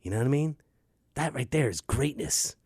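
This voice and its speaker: Man, podcast host, casual rant, jokey, lively pitch swings. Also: moderate pace, slightly rough, no room sound, clean studio sound. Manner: animated, ranting, jokey.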